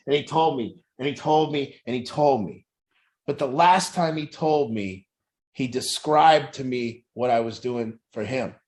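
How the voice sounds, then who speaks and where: A man who works as an addiction recovery coach, talking bluntly and intensely about truth in families and swearing often. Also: medium pitch. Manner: profane, intense, preachy. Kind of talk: blunt motivational talk.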